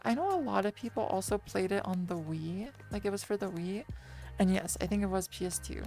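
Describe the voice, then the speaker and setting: A woman's voice: mid-range voice, a little fast, dark tone, soft background music. A woman streamer rambling casually to her chat while lying down, often correcting herself mid-sentence. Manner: rambly, self-correcting, chatty with viewers.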